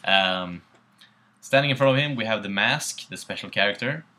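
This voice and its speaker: A man's voice: fairly low pitch, normal speed, sharp tone. A young Swedish man with a Swedish accent, casually co-hosting a tabletop battle report, laid-back and swearing offhandedly. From Sweden. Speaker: co-host.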